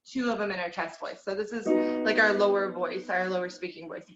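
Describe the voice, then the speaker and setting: A woman's voice: medium pitch, quick pace, roomy sound, lo-fi sound, over music. A woman teaching an online group singing lesson, encouraging her students and counting through number drills. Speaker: vocal teacher.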